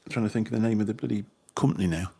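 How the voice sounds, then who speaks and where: Rapid-fire and on the low side, this Birmingham man's voice is creaky and dark with a breathy edge. Hosting a livestream, he chats loosely with viewers, drifting from topic to topic and dropping the odd mild swear word.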